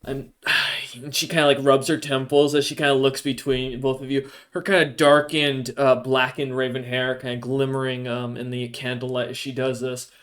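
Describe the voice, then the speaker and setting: A man's voice: mid-range voice, flat delivery, moderate pace, hardly any pauses, a bit bright. A man narrating as game master of a tabletop role-playing game, descriptive and rambling. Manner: rambling, many fillers and restarts, descriptive.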